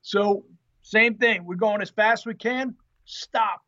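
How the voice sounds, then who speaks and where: A former Marine telling an animated story in an interview, acting out the quotes with salty language. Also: male voice, sits high, a little slow, muffled recording. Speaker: guest, former Marine tank driver.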